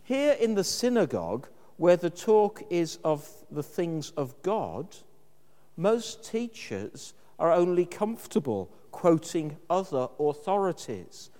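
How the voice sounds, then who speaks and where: A man gives a sermon in a warm, mellow voice, talking in a thoughtful, conversational way with the odd "um". His words ring out with a long reverb from the church around him. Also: a little high, very animated, slow pace. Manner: thoughtful, conversational preaching with fillers. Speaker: preacher.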